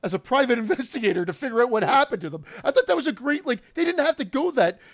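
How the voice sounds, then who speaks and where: High-voiced guy, super bouncy delivery, rambling movie takes. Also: vocal fry, no room sound, clean studio sound. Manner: lively, rambling, quick to laugh. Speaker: podcast co-host. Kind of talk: casual movie discussion chat.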